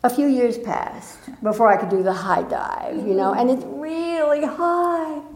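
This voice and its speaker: A woman leading a spiritual gathering, who recites a poem slowly and then tells lively personal stories while urging the room to join in. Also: sits high. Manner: animated storytelling, playful audience prompts, slow poem recitation. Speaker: spiritual teacher. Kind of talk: inspirational talk to a live group. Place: meeting room with an audience. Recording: echoey room.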